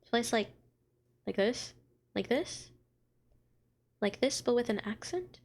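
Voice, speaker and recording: A woman testing a low, quiet, unsure voice for a young male character. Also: animated, brisk.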